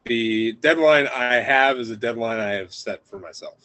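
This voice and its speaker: A man's voice: mid-range voice, normal speed, pushed and bright, low-quality recording. A man guesting on a podcast as an author, talking in an easygoing, rambling way. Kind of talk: casual podcast interview.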